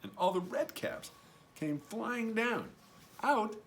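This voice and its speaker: A man reading a picture book aloud in an expressive storytelling voice. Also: high voice, slow pace, a little hiss or hum.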